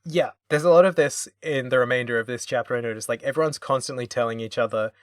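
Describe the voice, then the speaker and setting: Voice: mid-range voice, fast talker, no room sound. Co-host, dry studio sound, wry, teasing, voices quoted characters in passing. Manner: wry, playfully mocking, acts out quoted lines. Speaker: podcast co-host. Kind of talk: casual chat about a video game.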